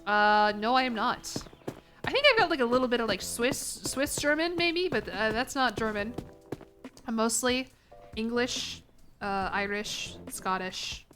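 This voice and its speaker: A woman's voice: a little high, measured pace, a bit bright, faint music behind. A young American woman streaming a game, chatting in a rambling way with lots of restarts, a bit congested. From United States. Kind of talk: casual gaming stream chat.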